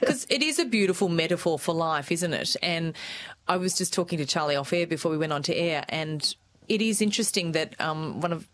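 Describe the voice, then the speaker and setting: A woman co-hosts a radio show in casual, enthusiastic chat. Her voice sits fairly low for a woman, and she muses aloud thoughtfully. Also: animated, fairly quick. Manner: enthusiastic, reflective. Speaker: radio co-host.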